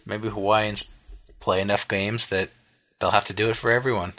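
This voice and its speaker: A man's voice: lowish voice, flat delivery, normal speed, fairly bright tone. A tired man co-hosting a podcast, talking hesitantly in casual chat. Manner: hesitant, trailing off and restarting. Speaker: podcast co-host.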